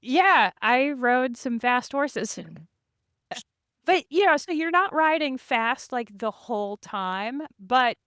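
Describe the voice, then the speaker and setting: A woman's voice: high voice, expressive, slow, a bit bright, clear, resonant tone, no room sound, studio quality. A woman guest on a podcast, chatting and laughing as she tells about her rides, full of "you know" and "like". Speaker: podcast guest, endurance race rider. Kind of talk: casual interview storytelling.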